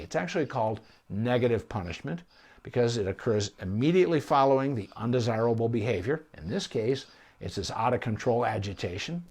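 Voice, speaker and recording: A man who is a veterinarian answers viewer questions on a live stream, explaining things calmly and patiently. His voice sits at an ordinary middle pitch. He takes his time, pausing and restarting as he talks it through. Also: slightly rough. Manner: calm, measured explanations with pauses and restarts. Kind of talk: live-streamed Q&A advice talk.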